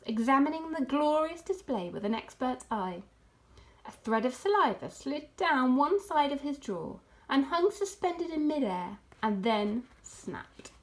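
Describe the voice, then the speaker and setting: Storyteller lady, high bright voice, reading a kids' book with lots of swing. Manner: expressive, animated reading. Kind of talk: children's book read aloud.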